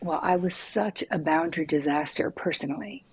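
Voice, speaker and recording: A middle-aged woman, a psychotherapist guest, telling her story frankly and lively, swearing casually. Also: low-pitched, normal speed, a crowd in the background. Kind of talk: candid conversational storytelling.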